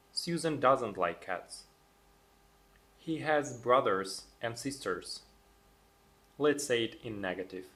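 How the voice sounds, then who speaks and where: A young man teaching English grammar, saying each example sentence slowly and then repeating it, calm and patient. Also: fairly low pitch. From Russia. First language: Russian. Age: young adult. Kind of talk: slow, deliberate language lesson.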